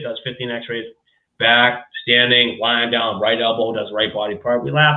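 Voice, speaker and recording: A man's voice: medium pitch, normal speed, roomy sound, narrow, tinny audio. A man hosting a casual chat, telling a story with lots of swearing and acting out what others said. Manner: profane, animated storyteller who acts out quotes. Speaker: podcast host.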